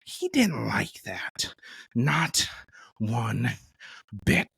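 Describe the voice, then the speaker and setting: A man putting on an impression of a menacing, unhinged male clown villain, telling a dark story slowly and with drawn-out words. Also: medium pitch, huge pitch swings, vocal fry, slightly rough, no echo, exaggerated voice. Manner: slow, drawn-out, sinister storytelling.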